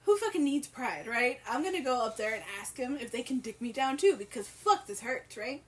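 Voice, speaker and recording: A woman's voice: high-pitched, lively intonation, a little fast. A woman voicing a young female character in burning pain, exasperated and swearing as she retells a story.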